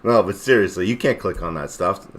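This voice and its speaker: A man hosting a livestream in a loose, rambling rant, full of jokes and swearing. His voice sits a little low. He talks straight to his chat. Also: a little fast. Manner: rambling, swears a lot, jokey. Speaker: livestream host.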